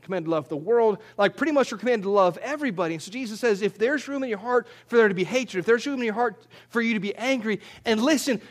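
A man with a high voice preaches to his congregation. He talks in a loose, conversational way, often repeating words before he finds them, and climbs higher when he drives a point home. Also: lively intonation, fast talker, hardly any pauses. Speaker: pastor. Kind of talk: sermon.

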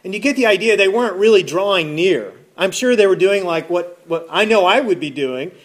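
A man's voice: high voice, expressive, a little fast, fairly bright tone. A man preaching a sermon as pastor, talking in a conversational way and often repeating words as he goes. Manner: acts out listeners' voices in his retelling.

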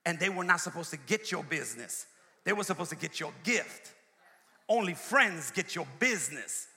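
Male preacher, high bright edgy tone, emphatic call-and-response sermon delivery, long reverb. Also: animated, moderate pace. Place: church sanctuary.

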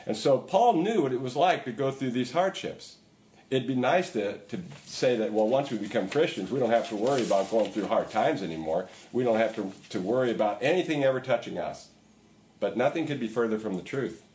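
A man's voice: mid-range voice, expressive, a little fast, darkish tone, reverberant. A man preaching a sermon in a conversational way, with emphatic repetition. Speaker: pastor.

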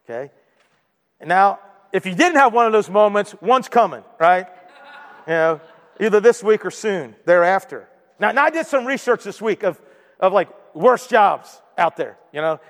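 A man's voice: sits high, animated, normal speed. A man preaching a sermon as pastor, talking to the room in a conversational way and often asking the congregation "right?". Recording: long hall reverb.

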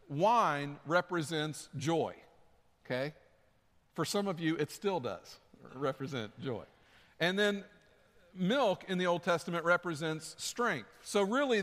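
Brief: male pastor, chatty sermon delivery, a bit high-voiced, long hall echo. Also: lively intonation, a little slow, fairly bright tone. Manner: conversational, repeats key points for emphasis.

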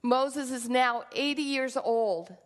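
Woman pastor, sermon delivery, earnest and reflective, slightly high voice, echoing church hall. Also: slow pace. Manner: earnest, reflective preaching with acted quotes. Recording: long reverb of a large hall.

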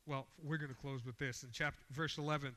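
A man's voice: medium pitch, steady tone, fast, a bit bright, in a large hall. A man preaching a sermon, reading scripture aloud with rising emphasis and explaining it in a plain, conversational way.

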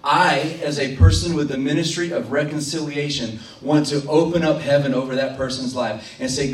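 A man's voice: fairly high pitch, steady tone, moderate pace, few pauses. A man preaching a sermon as pastor, passionate and acting out prayers and imagined quotes, recorded in a church. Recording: roomy, from a distance.

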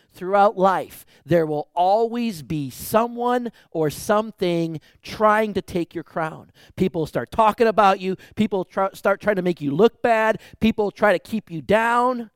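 Male pastor, high voice, dry close sound, rhythmic emphatic preaching. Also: moderate pace, dry recording. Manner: builds from quiet asides to loud, emphatic exhortation; repetitive, rhythmic preaching with rhetorical questions. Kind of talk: sermon.

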